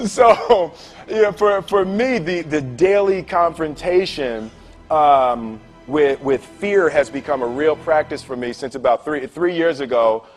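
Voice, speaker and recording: A man telling a story to a live audience, animated, acting out voices and laughing often. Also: a little high, unhurried, soft background music. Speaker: speaker. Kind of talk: storytelling talk.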